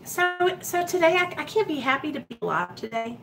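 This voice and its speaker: A woman talking casually and earnestly to her viewers in a recovery vlog, animated and direct. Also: high voice, gravelly. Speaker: recovery vlogger. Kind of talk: casual livestream-style talk to viewers.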